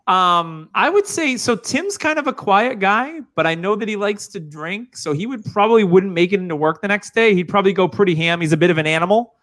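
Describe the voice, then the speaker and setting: A man's voice: sits high, expressive, fairly quick, hardly any pauses, a bit bright. A man from New Hampshire, a guest on a podcast, chatting casually and joking with some swearing. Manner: loose, joking, swears freely.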